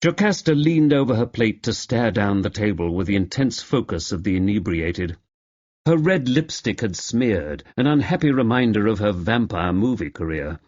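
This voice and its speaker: A man narrating a mystery audiobook in a wry, expressive way. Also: fairly low pitch, moderate pace, no room sound. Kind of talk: scripted narration. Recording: slightly dull audio.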